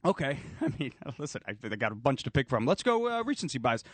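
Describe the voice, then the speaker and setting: A man's voice: medium pitch, sing-song, quick pace, breathy edge, no room sound. A man working as a radio executive producer, exasperated and defensive in studio banter. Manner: exasperated, defensive, building to shouting. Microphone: studio microphone.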